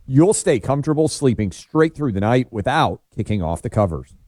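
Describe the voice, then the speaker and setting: A man's voice: mid-range voice, sing-song, normal speed, a little mellow, no echo, studio quality. A man from the United States co-hosting a talk radio show, giving blunt opinions in casual banter. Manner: opinionated, confessional.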